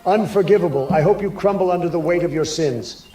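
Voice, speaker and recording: Ai clone of a loud brash president guy, trash-talking, kinda high voice, roomy sound with music under it. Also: a little fast. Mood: indignant. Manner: boastful, insulting, shouting threats. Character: brash swaggering male president gamer. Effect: synthetic cloned voice. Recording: roomy clip, faint music.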